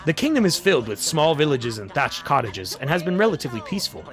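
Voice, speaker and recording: A man hosting a live stream and reading an AI story aloud, excitable and swearing, swinging between loud bursts and mutters. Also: on the high side, quick pace, faint music behind. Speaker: streamer and game host.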